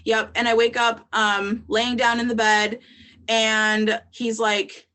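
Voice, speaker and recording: A woman's voice: on the high side, level tone, takes it slowly, pushed and bright. A young adult woman, a podcast guest, telling her story in candid casual talk, with frequent ums and likes.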